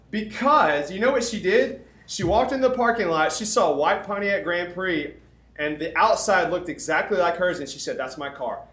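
A young man preaches in a storytelling way, acting out the lines of the people in his story. His voice sits a little high for a man. The room around him is echoey. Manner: animated storyteller, acts out dialogue. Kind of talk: sermon storytelling.

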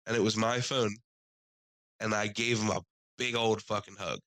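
A man telling a story in casual podcast chat, animated, acting out the people he quotes. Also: normal speed, dry recording, low-quality recording. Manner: animated, acts out quoted people in higher voices. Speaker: podcast co-host.

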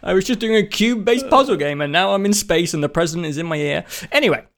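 A man with a slightly high voice talks loosely about games, breaking into laughs as he tells stories. He has the sniffles and swears freely, all in an easy, unscripted way. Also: expressive, fast talker, a bit bright. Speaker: podcast co-host. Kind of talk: casual chat.

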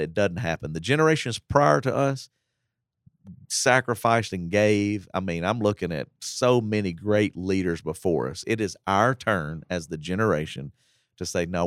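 A man's voice: low voice, dry recording, clean studio sound. A man, a pastor telling faith stories on a church podcast. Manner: earnest testimony, acts out quotes.

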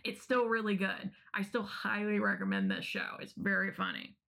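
A woman's voice: mid-range voice, sing-song, moderate pace, gravelly, pushed and bright. Upbeat woman podcast co-host. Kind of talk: casual chat.

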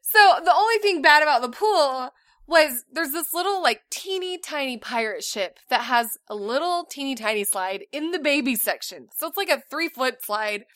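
A woman in her thirties co-hosting a podcast in casual chat, telling animated stories and laughing often. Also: sits high, normal speed, no room sound, studio quality. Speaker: podcast co-host.

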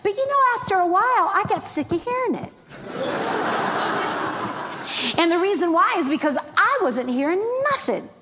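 A middle-aged woman, a guest minister, telling a lively storytelling sermon, acting out other people's voices and laughing often. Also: very high-pitched, moderate pace, pauses often. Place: church sanctuary. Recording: reverberant church hall, faint background noise.

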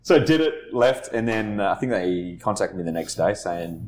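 A man's voice: deep voice, lively intonation, moderate pace, a little mellow, a little hiss or hum. A man telling stories in casual podcast chat, laughing at himself and swearing casually. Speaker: podcast co-host. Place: studio.

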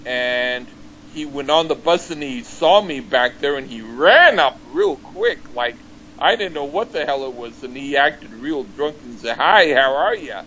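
A man's voice: mid-range voice, unhurried, bright, forceful tone, a little hiss or hum, poor audio. A man chatting casually over a call on a headset, stumbling and repeating words as he tells stories. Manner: stammering, repeats words, laughs while telling stories. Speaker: podcast guest.

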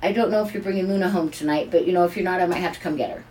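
A woman's voice: lowish voice, very fast. An older woman, a grandmother, telling a family story in casual chat and acting out the voices. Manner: animated, acts out voices in her stories.

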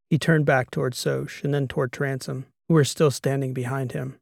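A man narrating a science fiction audiobook in a steady, even storytelling manner. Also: medium pitch, moderate pace, creaky, few pauses, no room sound, clean studio sound. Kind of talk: scripted narration.

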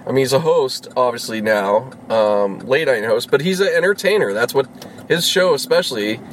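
A man's voice: mid-range voice, animated, normal speed, slight background noise, poor audio. A man ranting casually, swearing often and rambling through half-finished thoughts. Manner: profane, rambling, exasperated. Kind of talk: casual rant.

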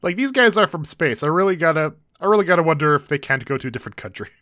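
A man's voice: on the high side, sing-song, very fast, pushed and bright, dry recording, clean studio sound. A man co-hosting a casual recap chat, walking through the plot in a wry, laid-back way. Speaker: podcast co-host.

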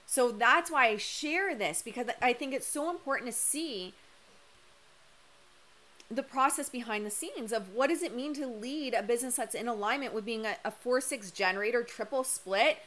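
A woman's voice: a little high, normal speed, sharp tone, slight background noise. A young woman coach giving a candid, emphatic live-stream talk that has casual swearing, her voice slightly worn as she loses it. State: losing her voice. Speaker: human design coach.

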